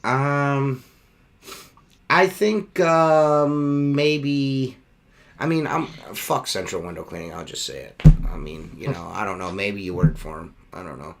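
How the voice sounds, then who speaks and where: A man's voice: mid-range voice, slow pace, vocal fry, slight background noise. A man hosting a casual podcast chat over a video call, rambling and swearing with plenty of fillers. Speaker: podcast host.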